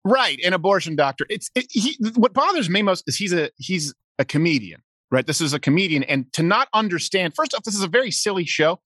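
Man, sarcastic, rambling, fairly high voice, lively pitch, dry studio sound. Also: a little fast, husky, no room sound. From Canada. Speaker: podcast guest, show host. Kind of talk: opinionated casual chat.

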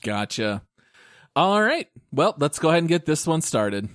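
A man's voice: fairly high pitch, very animated, moderate pace, fairly bright tone, faint music behind. Upbeat man hosting a podcast. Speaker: podcast host. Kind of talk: scripted podcast intro and casual chat.

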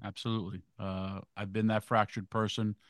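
A man's voice: on the low side, little pitch movement, fairly quick, no room sound, clean studio sound. A middle-aged man co-hosting an interview, telling an earnest story with intense, profane punchlines. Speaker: co-host. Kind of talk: casual interview chat.

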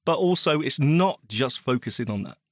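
A man's voice: medium pitch, expressive, moderate pace, no echo, clean studio sound. A man co-hosting a podcast, arguing his point in a wry, self-deprecating way. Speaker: podcast co-host. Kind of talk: casual chat.

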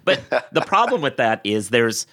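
A man hosting a legal podcast, arguing his point quickly and emphatically, then reading the show's sign-off. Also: mid-range voice, big pitch swings, pushed and bright, dry recording, studio quality. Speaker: podcast host. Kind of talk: casual podcast debate.

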